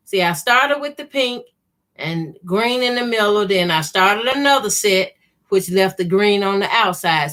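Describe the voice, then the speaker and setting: Slow-talking Southern woman sewing live. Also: mid-range voice, fairly bright tone. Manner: chatty, folksy, greets viewers by name. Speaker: sewing channel host. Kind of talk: casual live-stream chat while sewing.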